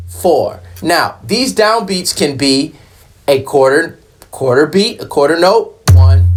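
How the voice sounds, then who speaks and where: A man giving a casual hand percussion lesson, explaining plainly, counting beats aloud and checking in with the listener. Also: on the high side. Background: hand drum playing.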